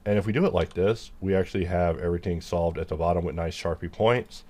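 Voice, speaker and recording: A man's voice: sits low, fast talker, a little mellow, a little hiss or hum. A man casually talking through his 3D modeling work, rambling and cracking self-mocking jokes as he goes. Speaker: 3D modeler teaching his workflow. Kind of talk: casual commentary while modeling on screen.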